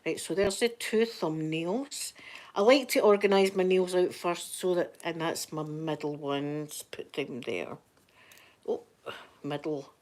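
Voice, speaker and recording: A Scottish woman chatting softly for a live ASMR stream, easy and rambling, slipping now and then into whispers, close to the microphone. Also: low-pitched, unhurried. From Scotland. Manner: soft-spoken, chatty, drifting into whispers. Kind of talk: soft-spoken ASMR chat.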